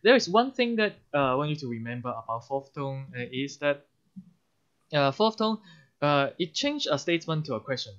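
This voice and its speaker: A man's voice: fairly high pitch, sing-song, moderate pace, fairly bright tone, clear, resonant tone. A man with a Hong Kong English accent teaching an online language lesson. He explains patiently with many examples and often says "uh-huh". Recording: dull lo-fi recording.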